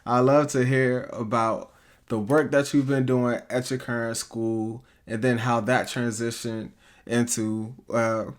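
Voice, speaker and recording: A man's voice: medium pitch, flat delivery, measured pace. A man hosting a podcast interview, affirming and summing up his guest's story, heard over a video call. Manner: affirming, reflects back what the guest says. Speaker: podcast host.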